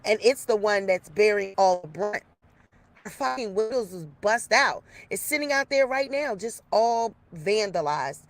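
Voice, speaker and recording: A YouTuber tells her viewers a story outdoors in the rain, chatting casually and animatedly and calling them y'all. Her voice is mid-range and a little slow, with no room sound in the recording.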